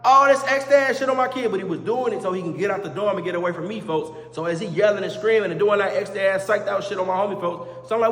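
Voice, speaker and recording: His voice sits high and he talks fast, with hardly any pauses, as he tells a casual, slang-heavy storytime full of repeated oaths. Animated, he acts out heated quotes, and long reverb fills the echoey room.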